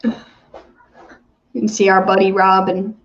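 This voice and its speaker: A woman co-hosting a casual sports chat, animated, swearing freely and laughing often. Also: medium pitch, takes it slowly. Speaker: podcast co-host. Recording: dull lo-fi sound.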